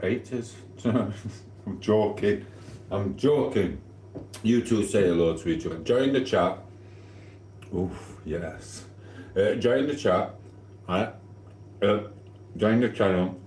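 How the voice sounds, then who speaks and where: Man, deep voice, flirty rambling live-stream chat, kitchen echo, faint hum behind. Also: a little mellow. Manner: rambling, cheeky and flirty, eating while talking. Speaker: livestream host. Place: home kitchen.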